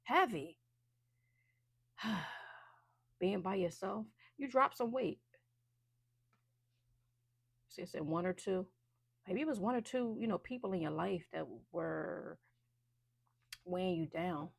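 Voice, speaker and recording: A woman's voice: on the low side, animated, slow pace, vocal fry, long pauses, breathy edge, dry recording. A woman giving a casual, chatty intuitive card reading, loose and full of fillers. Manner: chatty, loose, many fillers and restarts, laughs often.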